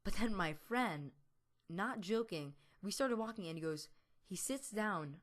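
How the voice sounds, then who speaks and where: A man's voice: high-pitched, lively intonation, measured pace, a bit bright. A teenage boy, a gaming YouTuber, telling a long story over gameplay, rambling with lots of fillers and restarts. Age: teens. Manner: laughs now and then while telling.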